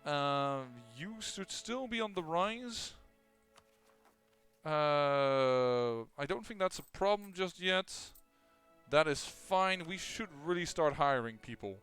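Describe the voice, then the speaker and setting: A fairly high, smooth-voiced man talks his way through a strategy game, thinking aloud and stumbling over restarts and fillers. He sounds clean and close on a desk mic. Soft game music hums faintly beneath him. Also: animated, slow. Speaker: gameplay commentator. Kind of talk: casual strategy game commentary.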